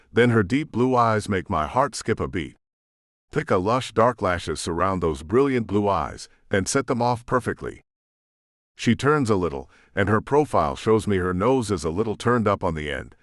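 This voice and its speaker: A man reads a romance audiobook in first person, expressive and storytelling. His voice sits low with a lively, varied pitch. The recording is close and dry. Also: no room sound. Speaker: audiobook narrator. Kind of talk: scripted narration.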